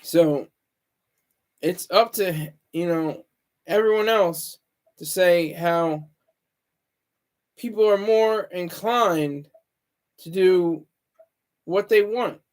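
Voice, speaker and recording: A man with a fairly high voice hosts his own stream and talks without a script. He wanders from point to point, stops to fix his own words and stumbles over his sentences, stating his opinions bluntly. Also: drawn-out words, long pauses, darkish tone. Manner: rambling, self-correcting, opinionated. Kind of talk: casual solo livestream monologue.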